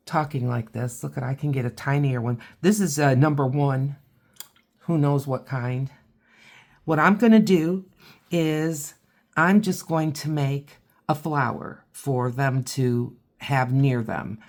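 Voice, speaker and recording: A woman with a low voice talks slowly through a beginner painting lesson. She chats and thinks aloud as she works, easygoing and unhurried. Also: fairly even intonation, darkish tone. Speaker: art teacher. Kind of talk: watercolor tutorial.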